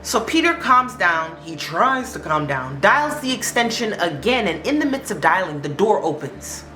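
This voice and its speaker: Animated woman telling a spooky story. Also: medium pitch, moderate pace. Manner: animated, conversational. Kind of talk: casual storytelling. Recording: echoey room, faint music.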